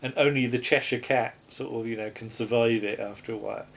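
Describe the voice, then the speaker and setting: A man's voice: medium pitch, fairly even intonation, a little fast, vocal fry. Rambling, musing man co-hosting a podcast. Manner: musing, rambling, many fillers and restarts. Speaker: podcast co-host. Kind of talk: casual discussion of an old TV episode.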